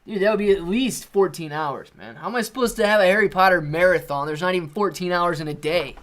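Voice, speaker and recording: A man's voice: sits high, fast talker, fairly bright tone. A man hosting a live stream, chatting casually with viewers, reading out their comments and answering in a laid-back, slangy way. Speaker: livestream host.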